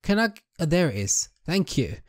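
This young man, a gaming YouTuber, narrates his play in a loose let's-play style with a sing-song lilt at a moderate pace. His voice sits slightly high for a man, and he keeps joking, speaking right to viewers and to the on-screen characters.

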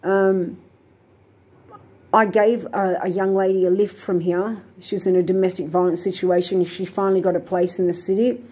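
Husky-voiced aggrieved woman. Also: lowish voice, little pitch movement, moderate pace, dark tone. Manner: aggrieved, indignant retelling with many fillers and restarts. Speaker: vlogger. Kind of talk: rambling personal storytelling.

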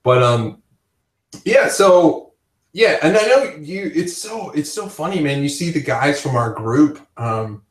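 A man's voice: on the high side, lively intonation, unhurried. Rambling man in a roomy room. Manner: rambling, laughing storyteller. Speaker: podcast host. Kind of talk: casual chat. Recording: roomy, distant from the mic.

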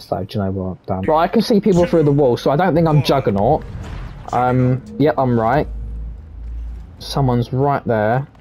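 A hoarse man talking through his gameplay in his room, jumping from low muttering to high, shouted panic and cackling. He brags, swears freely and reacts loudly to every moment. His pitch is mid-range for a man but swings widely, with a faint hiss behind him. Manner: excitable, boastful, swears a lot, shouts and cackles in tense moments. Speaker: gaming video creator. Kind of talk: live gameplay commentary.

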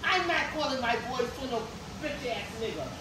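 A hairstylist in her fifties telling a story in a salon, animated and profane, acting out what people said. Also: high voice, brisk, noisy background. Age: 50s. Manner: animated, profane, acts out quotes. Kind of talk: casual storytelling. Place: hair salon, indoors. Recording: echoey room, picked up from a distance.

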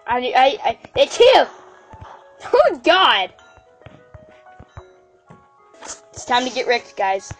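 A woman hosting a casual gameplay video, excitable, often exclaiming and stammering as she plays. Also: sits high, slow pace, long pauses, soft background music. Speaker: game channel host.

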